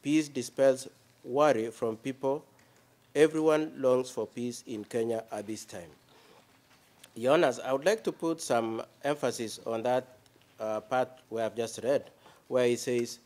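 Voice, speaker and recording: A man speaking as defence counsel in a courtroom, addressing the judges formally and reading quoted passages aloud in a measured way. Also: mid-range voice, a little mellow.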